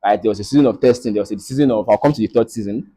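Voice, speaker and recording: A young Nigerian man with a Nigerian English accent gives a faith-based motivational talk to a live audience, preacherly and often checking in with "right?". His voice is fairly low, very fast, warm, and slightly rough, on a low-quality recording.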